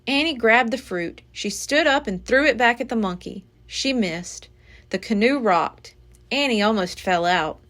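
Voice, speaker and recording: Woman, library storyteller, children's book read-aloud, expressive, lively pitch. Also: a little slow. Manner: expressive, dramatic reading.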